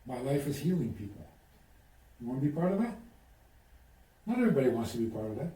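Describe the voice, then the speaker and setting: Animated man telling stories in a roomy space. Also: mid-range voice, fast. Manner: animated storyteller, acts out quoted dialogue. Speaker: rabbi, interview guest. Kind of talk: conversational storytelling. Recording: roomy sound, distant from the mic.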